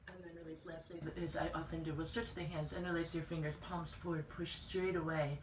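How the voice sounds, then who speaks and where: A woman fitness instructor leading a guided plank workout, giving calm cues and reminding listeners to breathe. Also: sits low, fairly quick, a little hiss or hum. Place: fitness center room. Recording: echoey room from a distance.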